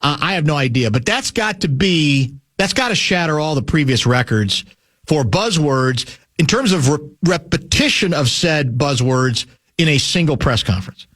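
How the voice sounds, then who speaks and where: Animated, sarcastic sports radio host man. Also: fairly high pitch, normal speed. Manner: animated, sarcastic, repeats words when searching. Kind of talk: casual sports talk radio banter.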